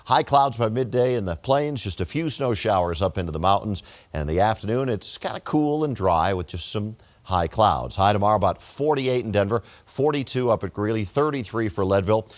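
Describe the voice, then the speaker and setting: A male weather forecaster with a somewhat low voice delivers the evening forecast on local TV. His manner is easygoing and conversational, with casual phrasing slipped into the broadcast. The sound is clean studio audio from a lapel mic. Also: lively intonation, brisk. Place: television studio.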